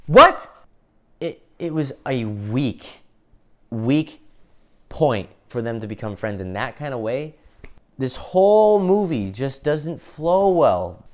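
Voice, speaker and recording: A man giving a casual, profane film review, ranting with exasperation and breaking into quick impressions of the characters. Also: medium pitch.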